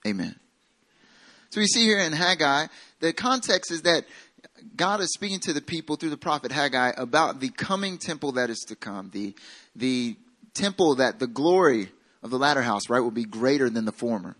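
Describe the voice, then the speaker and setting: A Southern American pastor delivers a sermon in a mid-range, fairly bright voice, his intonation lively and his pace moderate. He chats casually with his congregation, joking at his own expense and tossing in a playful aside.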